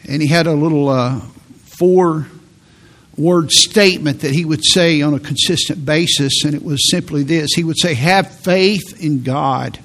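A man in his sixties preaching a sermon to a congregation, telling a story in a halting way and often repeating his words. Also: fairly high pitch, a bit bright. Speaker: pastor.

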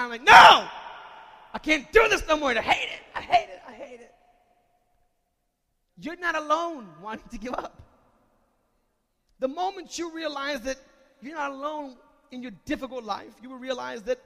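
A man preaching a sermon as pastor of a church, moving between quiet talk and shouted calls to the congregation. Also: very high voice, gravelly, big-room sound. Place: church sanctuary.

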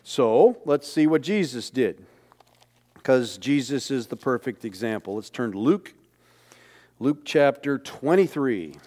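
A male preacher delivers a sermon in church, middle-pitched and easygoing. He slips in little jokes and poses rhetorical questions to the congregation, then answers them himself. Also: lively intonation, measured pace, darkish tone. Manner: conversational, joking asides and rhetorical questions.

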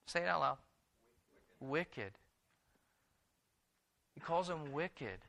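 A man's voice: a little high, animated, fairly quick, vocal fry, bright, forceful tone. A man preaching a sermon, reading scripture aloud and then exhorting his congregation with emphatic repetitions. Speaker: pastor.

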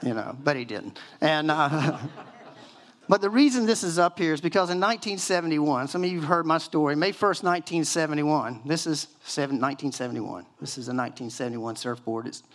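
A man in his sixties, a pastor preaching a sermon, telling stories in a lively, chatty way full of "you know"s. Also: a little high, a little fast. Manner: animated storytelling with many fillers and acted-out quotes.

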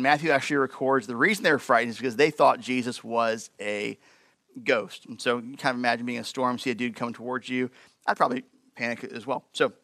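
A man preaching a sermon to his church in a conversational, animated way with lots of fillers. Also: mid-range voice, no room sound. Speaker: pastor.

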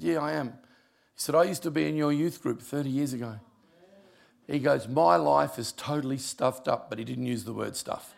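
Gravelly pastor telling a story. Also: male voice, mid-range voice. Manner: gravelly voice, humorous, drops quiet for emotional moments. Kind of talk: storytelling sermon.

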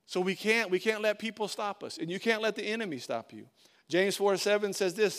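A man's voice: sits high, brisk, fairly bright tone, clear, resonant tone. A male pastor preaching a sermon, emphatic and direct, often repeating his phrases.

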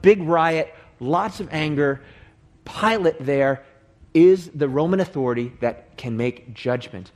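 Animated man teaching a Bible passage. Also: mid-range voice. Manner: explains and restates points, repeating phrases for emphasis.

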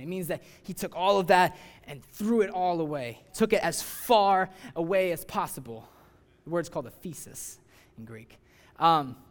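A young man giving a casual sermon, talking conversationally with lots of fillers and acting out people's voices. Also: fairly high pitch. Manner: conversational, many "like" fillers, acts out voices with rising excitement. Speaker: youth preacher.

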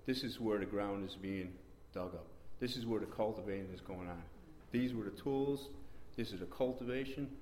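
A man giving a rambling, repetitive spoken testimony in a church meeting room, breaking into sudden excited bursts. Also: lowish voice, normal speed, few pauses, a little hiss or hum. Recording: roomy echo.

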